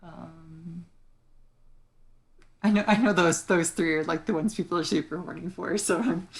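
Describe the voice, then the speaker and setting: A young woman co-hosts a podcast in a low, steady voice at normal speed. In a casual chat, she rambles, using many fillers and restarts.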